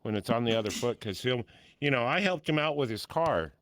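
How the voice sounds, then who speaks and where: A man's voice: mid-range voice, animated, a little fast, fairly bright tone, no room sound, clean studio sound. An older man co-hosting a podcast, chatting bluntly and telling stories, with casual swearing. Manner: blunt, swears freely, storytelling.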